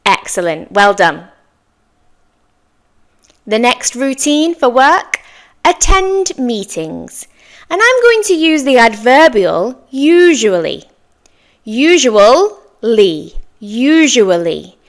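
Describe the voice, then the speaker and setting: A woman teaching an English lesson, saying example sentences slowly and clearly for learners to repeat, with encouraging praise. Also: a little high, sing-song. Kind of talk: slow, clear language lesson with repeat-after-me drills.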